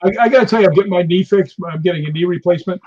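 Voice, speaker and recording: A middle-aged man with a somewhat high, husky voice hosts a relaxed conversation over a video call. He tells stories with a chatty, laughing manner, and the streamed audio sounds a bit muffled. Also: racing. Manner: chatty storyteller, laughs often. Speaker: guest host. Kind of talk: casual chat.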